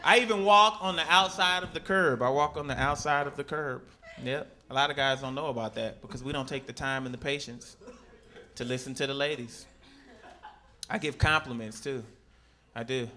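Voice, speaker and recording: A man performing a stand-up comedy set on a club stage, telling animated stories and jumping into shrieking high voices for his characters. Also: normal speed. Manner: animated storytelling, sudden high-pitched shrieks in acted quotes. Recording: live club recording with crowd laughter.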